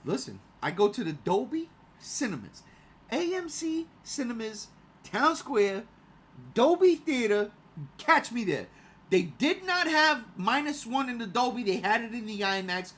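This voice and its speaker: A man in his forties chatting casually as a podcast co-host. He rants with big swings from loud outbursts to low mutters, swears freely and laughs mid-sentence. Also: very animated, a little slow. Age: 40s. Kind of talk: casual chat.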